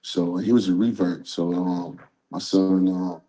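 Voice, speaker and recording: A man's voice: low-pitched, steady tone, unhurried, dark tone. A man speaking as an interview guest, talking candidly and earnestly in a rambling, conversational way. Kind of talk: casual interview talk.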